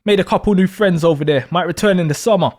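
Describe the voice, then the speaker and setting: A man's voice: high voice, fast, a little mellow, voice pushed down, natural voice. A man voicing a crude, blunt young man who swears freely and mocks his friends. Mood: mocking.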